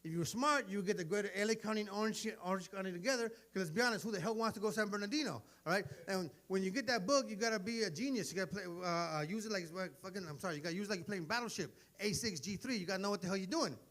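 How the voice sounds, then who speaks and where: A man's voice: high-pitched, racing, hardly any pauses. A man in his forties doing a profane stand-up set, telling stories and acting out the voices of the people in them. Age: 40s. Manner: animated, profane storytelling that acts out voices. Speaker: stand-up comedian. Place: live comedy venue.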